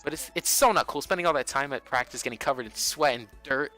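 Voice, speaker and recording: A man's voice: mid-range voice, quick pace, bright, forceful tone, faint music behind, pitched above the performer's own voice, lightly acted. A man voicing a brash, cocky teenage boy baseball star who swears casually, reading game dialogue aloud. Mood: dismissive.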